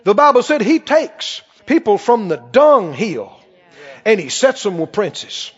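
A man's voice: high-pitched, very animated, measured pace, husky. A male pastor preaching a sermon, emphatic, repeating phrases and quoting scripture. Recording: echoing hall, dull lo-fi sound.

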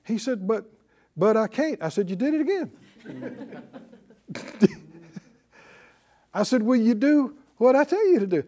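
A man's voice: very high-pitched, sing-song, measured pace, pauses often, warm tone. An older man preaching a sermon, drawing call-and-response from the congregation and retelling conversations. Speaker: pastor.

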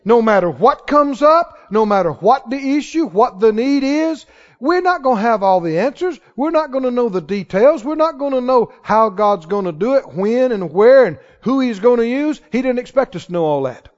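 A man's voice: very high-pitched, animated, moderate pace. A man preaching a sermon as pastor, folksy and emphatic, building to exhortation, recorded in a church sanctuary. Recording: dull, reverberant church hall recording.

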